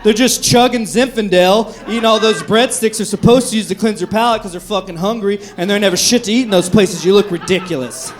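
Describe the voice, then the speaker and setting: Brash high-voiced man on a comedy stage. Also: fairly quick, hardly any pauses, slight background noise. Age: 30s. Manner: brash, profane, animated delivery. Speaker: stand-up comedian. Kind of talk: stand-up comedy set. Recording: live club recording with crowd laughter. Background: audience laughter.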